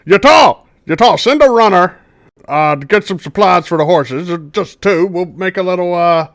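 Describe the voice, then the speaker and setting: A man's voice: high-pitched, normal speed. A man voicing an irritable one-legged male ship quartermaster who barks orders. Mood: bossy. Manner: shouting, barking orders.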